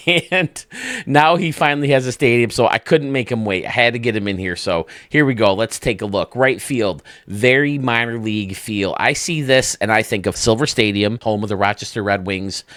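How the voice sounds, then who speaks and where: A man's voice: lowish voice, moderate pace, a bit bright, dry recording, clean studio sound. A man hosting a video game channel, giving casual, enthusiastic commentary that rambles as he thinks aloud.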